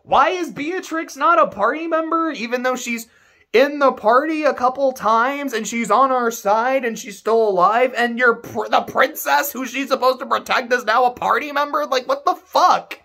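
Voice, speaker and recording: A man's voice: extremely high pitch, moderate pace, bright, forceful tone. A man giving a casual, sarcastic and profane rant as a video game reviewer.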